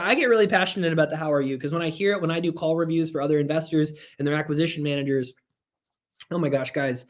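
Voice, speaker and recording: A man with a somewhat high voice leads a live online sales training. He talks with energy, hammers his points home by repeating them and chats with viewers as he goes. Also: quick pace.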